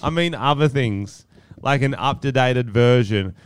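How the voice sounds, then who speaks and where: A man's voice: mid-range voice, a little slow, clean tone, no echo. A young Australian man co-hosting a podcast, bantering playfully in casual chat. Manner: playful, banter, guessing jokes. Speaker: podcast co-host.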